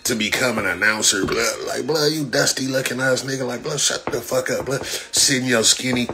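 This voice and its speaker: A man's voice: mid-range voice, moderate pace, background noise. A man, a boxer on a livestream, ranting in profane trash talk full of repeated slang fillers. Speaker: boxer livestreaming after a fight. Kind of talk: casual livestream rant.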